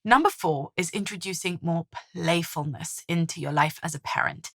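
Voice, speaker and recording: A woman's voice: lowish voice, normal speed, fairly bright tone. A woman parenting coach giving encouraging advice to mothers in a vlog, asking lots of rhetorical questions.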